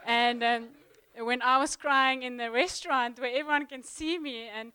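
A young woman giving a sermon in a church, chatty and halting, full of ums and restarts. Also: sits high, steady tone, pushed and bright, smooth, no room sound. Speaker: guest preacher. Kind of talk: sermon opening, casual warm address.

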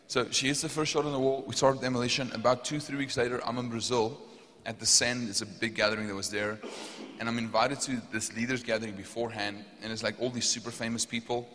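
Young South African male pastor, storytelling sermon delivery with fervent peaks, mid-pitched, long hall reverb. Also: fairly even intonation, fast, a bit bright. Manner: storytelling, rising to fervent emphasis.

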